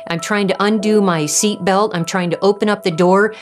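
A woman giving a personal faith testimony, earnest and halting, often restarting her sentences. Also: medium pitch, steady tone, faint music behind. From Southern California. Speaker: testimony speaker.

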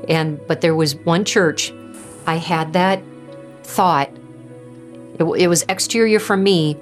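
A woman giving a personal faith testimony, earnest and halting, often restarting her sentences. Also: fairly low pitch, steady tone, soft background music. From Southern California. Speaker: testimony speaker.

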